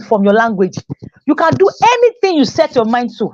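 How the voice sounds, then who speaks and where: A fairly high-voiced woman teacher gives a motivational talk, pressing her points home by saying them twice. The recording is dry and dull, with a muffled lo-fi sound. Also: very animated, a little fast, a little mellow, dry recording. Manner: repeats key phrases for emphasis, acts out quoted voices.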